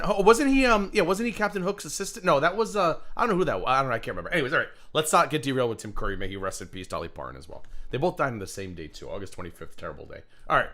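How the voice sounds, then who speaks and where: Chatty livestream host man, very animated. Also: medium pitch. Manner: rambling, chatty, talks to viewers in chat. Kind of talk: casual live commentary.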